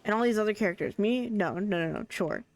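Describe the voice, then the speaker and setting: A streamer giving casual, excitable commentary while playing, chattering along and repeating a favourite name again and again. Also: mid-range voice, quick pace, gravelly.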